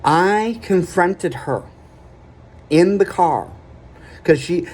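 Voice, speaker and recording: Slow, earnest man telling his story. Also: sits high, lively intonation, darkish tone. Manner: keeps checking in with "okay?" between points; earnest, emphatic, plain-spoken. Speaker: vlogger. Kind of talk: confessional personal storytelling.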